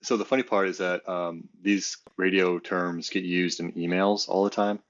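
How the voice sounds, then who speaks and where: A man co-hosting a casual podcast, telling stories in a relaxed, halting way with many fillers. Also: deep voice, lo-fi sound. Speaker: podcast co-host. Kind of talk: casual chat.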